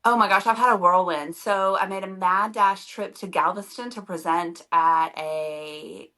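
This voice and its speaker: A woman's voice: on the low side, fairly even intonation, measured pace, pushed and bright, faint music behind. Gushing woman podcast co-host. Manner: enthusiastic, gushing storyteller. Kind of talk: casual chat.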